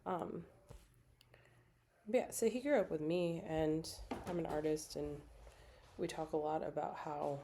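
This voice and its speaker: During a craft livestream, a middle-aged woman chats casually while she works, telling stories and acting out the quotes in them. Her low, mellow voice keeps a measured pace with frequent pauses, over slight background noise.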